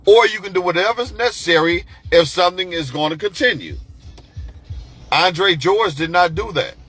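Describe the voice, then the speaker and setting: A man telling a personal story in a casual monologue, animated and profane, acting out the other people's lines. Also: high voice, normal speed, husky, faint music behind. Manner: animated, profane, acts out quoted voices.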